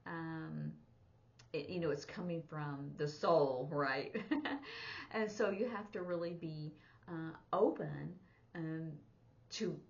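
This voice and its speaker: Female sign language teacher and interpreter, lower voice, chatty casual lesson delivery, muffled lo-fi recording. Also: takes it slowly, vocal fry, long pauses. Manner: chatty, acts out quoted dialogue. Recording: dull lo-fi recording.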